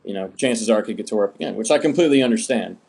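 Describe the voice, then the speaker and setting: A young man from the United States, an interview guest, telling his story in a relaxed, rambling way with many fillers. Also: on the low side, racing, creaky. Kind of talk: casual storytelling.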